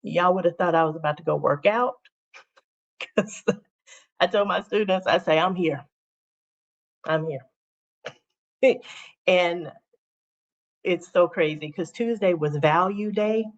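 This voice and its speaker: A woman's voice: lowish voice, unhurried, pauses often. Chatty woman on a lo-fi livestream. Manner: chatty, repeats phrases for emphasis. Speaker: teacher and livestream host. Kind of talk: casual livestream chat.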